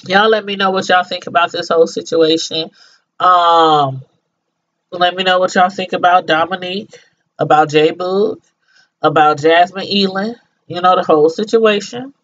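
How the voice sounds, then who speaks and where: A woman's voice: lowish voice, normal speed, a bit bright. Middle-aged woman vlogger, emphatic, talks straight to viewers, slangy, repeats herself, lo-fi dull sound. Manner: emphatic, repeats phrases for effect; addresses viewers directly, informal slang. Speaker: vlogger commenting on news. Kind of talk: casual commentary to viewers.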